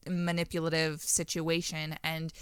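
A woman's voice: low-pitched, completely flat delivery, measured pace, clear, resonant tone, no room sound, studio quality. A woman co-hosting a Christian podcast, talking in an earnest, reflective way and using fillers like "like" and "you know". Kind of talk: faith-based conversational discussion.

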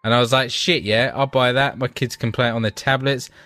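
A man with young kids, co-hosting a casual podcast, telling stories in a sweary, excitable way. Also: mid-range voice, brisk, no room sound. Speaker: podcast co-host. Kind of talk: casual banter.

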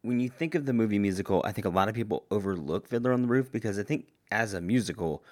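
A man's voice: lowish voice, animated, fast. A man hosting a solo podcast, talking casually and enthusiastically, often rambling and correcting himself. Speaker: podcast host.

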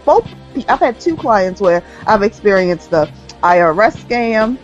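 Lively emphatic woman in chat. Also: medium pitch, unhurried, dull audio, faint music behind. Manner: emphatic, laughs often, playful. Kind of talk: casual chat.

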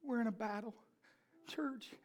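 A woman's voice: on the high side, measured pace, darkish tone. A woman preaching a sermon, telling a personal story in an emphatic, fervent manner.

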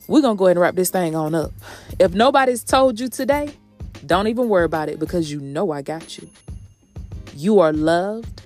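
Sassy woman podcast host, low voice. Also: a little mellow. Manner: sassy, preachy, calls listeners sis and honey. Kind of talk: motivational podcast talk.

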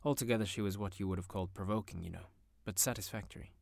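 A man narrating a classic story in an expressive, theatrical manner. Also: on the low side, very fast, gravelly, no room sound. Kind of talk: audiobook narration.

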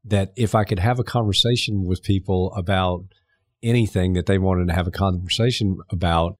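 A middle-aged man from Canada, a former mayor, talking earnestly as a podcast guest, halting and restarting his sentences. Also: low-pitched, no echo. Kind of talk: conversational interview.

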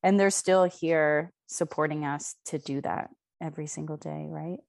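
A woman taking part as a podcast guest, answering warmly and affirming the host. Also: low voice, steady tone, normal speed, creaky. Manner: encouraging, affirming. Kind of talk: supportive casual conversation.

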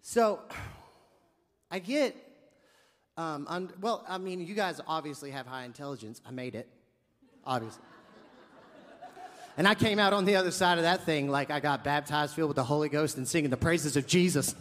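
A man's voice: on the high side, normal speed, long pauses, big-room sound, a little hiss or hum. A man preaching a sermon, telling a funny story with lots of acted-out dialogue and comic asides. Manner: animated, jokey storyteller acting out dialogue.

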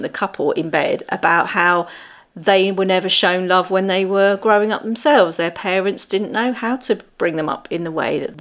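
A woman co-hosting a casual chat about TV shows, talking freely and laughing easily as she goes. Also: fairly low pitch. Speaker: podcast co-host.

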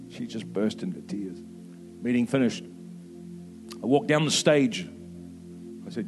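A fifty-something pastor preaches with fervor, his lowish voice climbing to emphatic peaks before sinking quiet again. Soft music plays under his words throughout. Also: expressive, measured pace, long pauses. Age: 50s. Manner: impassioned preaching, rising to emphatic peaks then dropping soft. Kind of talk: sermon.

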